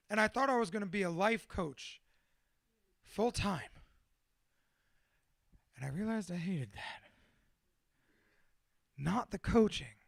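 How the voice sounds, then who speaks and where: A man's voice: sits high, vocal fry, a bit bright, no room sound, clean studio sound. A man in his thirties, a motivational speaker, rambling profanely and self-deprecatingly through a candid personal monologue.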